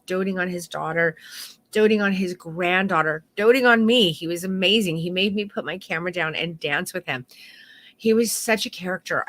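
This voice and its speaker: Teaching an online photography course, a middle-aged woman speaks in a heartfelt, candid way and swears now and then. Her voice is fairly low in pitch with a slight brightness.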